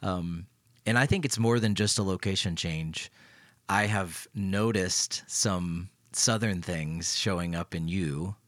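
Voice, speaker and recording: A middle-aged man from Tennessee co-hosts a faith podcast with a very low voice. He chats in a playful, teasing way. The sound is dry, with no room echo at all. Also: a bit bright. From Tennessee, US South. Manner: playful, teasing, quick to laugh. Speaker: podcast co-host, pastor. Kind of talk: casual conversation.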